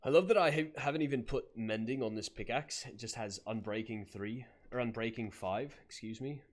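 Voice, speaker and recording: A man chats in character on a live gaming stream, using a put-on accent for his roleplay persona while greeting viewers by name and laughing frequently. He has a medium pitch and a moderate pace.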